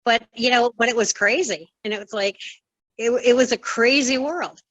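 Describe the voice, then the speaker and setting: A woman in her sixties, once a wrestling referee, tells her story in an interview, acting out other people's lines as a lively storyteller. Her voice is a little high, at a moderate pace, in a low-quality recording with no room sound.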